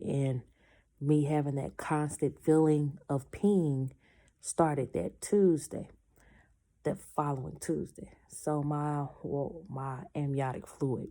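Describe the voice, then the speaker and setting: Low, gravelly woman telling a story. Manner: animated, acts out the people she quotes; breaks off mid-story to say she is in pain. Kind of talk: casual personal storytelling.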